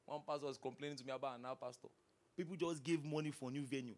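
A man with a Nigerian accent, a pastor preaching a sermon, lively and humorous, asking the congregation question after question. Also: medium pitch, racing. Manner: animated preaching with humor and repeated rhetorical questions.

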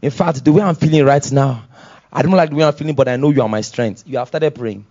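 A Nigerian man preaching a sermon as pastor, moving from quiet asides to loud shouted exhortations. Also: medium pitch, quick pace, muffled recording. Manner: swings from soft asides to loud shouted exhortations, laughs often.

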